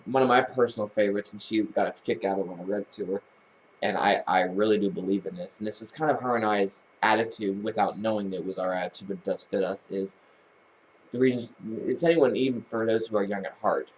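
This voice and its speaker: A man's voice: lowish voice, fairly quick, a little hiss or hum. A man vlogging, telling a personal family story in a casual, rambling way, with many restarts and false starts.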